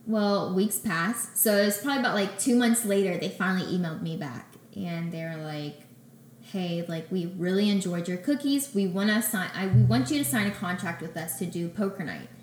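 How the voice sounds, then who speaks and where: Young woman, lowish voice, chatty interview guest who acts out her quotes; echoey room. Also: normal speed, slight background noise. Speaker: guest, baker and business owner. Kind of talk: casual storytelling interview. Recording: echoey room with faint ambience.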